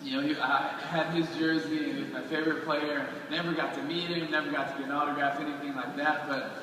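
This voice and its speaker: A man in his twenties from Florida, telling lively stories to a live audience and acting out the quotes. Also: a little high, fast talker, crowd noise. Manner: animated storyteller acting out quotes. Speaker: guest speaker. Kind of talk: storytelling talk to a live audience. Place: large hall with audience. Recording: roomy hall recording from far off, noisy.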